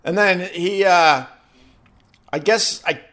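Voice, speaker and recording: A man's voice: high-pitched, takes it slowly. A man telling a casual, profanity-laced story to live viewers, acting out the voices of the people in it. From New York. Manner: animated, acts out quoted voices, swears freely. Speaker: host chatting with live viewers.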